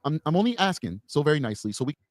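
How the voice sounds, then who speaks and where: A man's voice: on the high side, very animated, rapid-fire, dry recording. A man co-hosting a live true-crime stream, commenting emphatically and repeating his points. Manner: emphatic, repetitive, opinionated.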